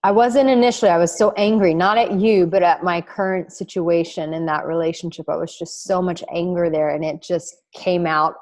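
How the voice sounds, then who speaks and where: A woman host in her thirties talks candidly and emphatically with her close friend. Her voice sits somewhat low. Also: steady tone, normal speed, hardly any pauses, a little mellow. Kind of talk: emotional conversation.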